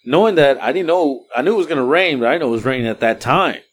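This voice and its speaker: A man's voice: a little high, very fast. Middle-aged dude rambling through a story on a podcast, laid back, keeps restarting his sentences. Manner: rambling, relaxed, restarts a lot. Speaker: podcast co-host. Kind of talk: casual storytelling chat.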